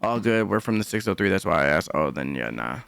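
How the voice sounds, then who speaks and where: Deep-voiced rambling stream host. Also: male voice, sing-song, fast, fairly bright tone, dry recording, clean studio sound. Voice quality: deep, smooth voice. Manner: rambling, repeats himself, swears freely. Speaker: livestream commentary host. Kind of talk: casual live-stream commentary.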